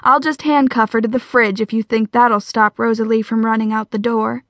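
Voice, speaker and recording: A woman's voice: on the high side, flat delivery, normal speed, a bit bright, no room sound. Woman voicing a determined, wry young mother.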